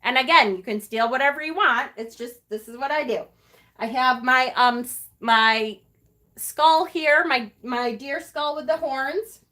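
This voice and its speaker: A middle-aged woman hosts a casual live stream, her voice high, bright and forceful at a measured pace. She's chatty and affectionate, full of fillers and emotional asides.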